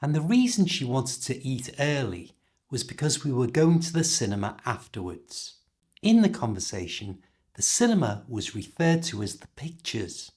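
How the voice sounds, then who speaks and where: A man with a British accent teaching English learners, explaining everyday phrases and slowly modelling how to pronounce them. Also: mid-range voice, a little mellow. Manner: clear, slow modelling of pronunciation.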